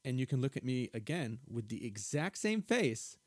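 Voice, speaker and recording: A man's voice: mid-range voice, big pitch swings, normal speed, dry recording, studio quality. A middle-aged man co-hosting a casual podcast, wry and playful, swearing now and then as he retells scenes. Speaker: podcast co-host. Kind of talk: casual chat recapping a reality show.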